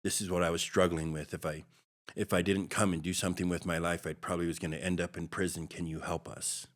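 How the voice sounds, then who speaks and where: A middle-aged man from Hawaii appears as a podcast guest, earnestly rambling through his life story with plenty of fillers in a personal storytelling interview. His voice sits low, barely shifts in pitch, and moves at a quick pace.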